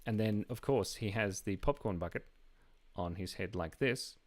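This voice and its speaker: A man's voice: fairly low pitch, normal speed. A man hosting a live drawing stream, chatting casually and playfully while reading viewer comments aloud. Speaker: live-stream artist host.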